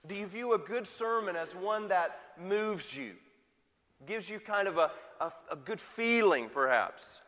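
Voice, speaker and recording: A man's voice: high-pitched, lively intonation, a little slow, pushed and bright, big-room sound. A man preaching a sermon and putting rhetorical questions to his congregation. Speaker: pastor.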